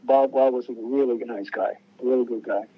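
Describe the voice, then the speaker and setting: An older male musician, appearing as a guest, rambles casually through his stories in a mid-range, fairly even voice at a fairly quick clip. He often restarts sentences and acts out quotes in this laid-back storytelling interview, heard through muffled lo-fi radio sound.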